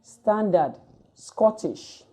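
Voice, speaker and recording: A woman lecturer reading out word lists item by item in a measured, dictating way for a recorded distance-learning lecture. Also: medium pitch, expressive, warm tone.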